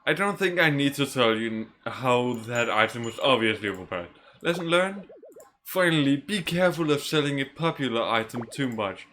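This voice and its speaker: A man voicing a gruff old bearded shopkeeper who scolds and mentors a young boy, reading game dialogue aloud in a slow, deliberate way. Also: mid-range voice, animated, a bit bright, slight background noise, close to an everyday voice. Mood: instructive.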